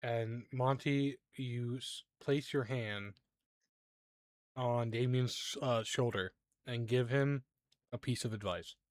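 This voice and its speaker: Slow, halting game master man. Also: mid-range voice, no room sound, clean studio sound. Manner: halting narration with many fillers, laughs easily. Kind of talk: narrating a tabletop game.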